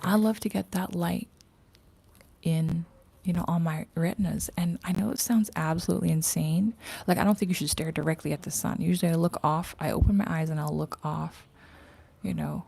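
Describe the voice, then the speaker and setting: Woman hosting a rambling livestream; low, gravelly, mellow voice with frequent whispered asides. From Canada. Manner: rambling, chatty, drops into whispered asides, laughs often. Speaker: livestream host. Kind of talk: casual livestream chat. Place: outdoors in morning sun.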